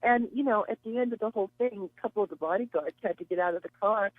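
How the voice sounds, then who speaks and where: A woman's voice: medium pitch, quick pace, no echo. A woman guest on a radio show telling long, chatty stories and acting out the voices of people she quotes. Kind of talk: casual storytelling. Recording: tinny phone line.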